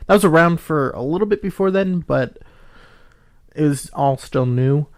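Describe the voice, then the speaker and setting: A man co-hosting a casual podcast chat, explaining background at length and filling pauses with ums. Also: a little high. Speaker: podcast co-host.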